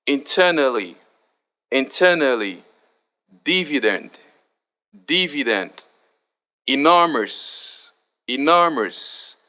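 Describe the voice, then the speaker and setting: A man tutoring pronunciation, reading a spelling word list aloud and saying each word twice in a deliberate way. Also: mid-range voice, pushed and bright.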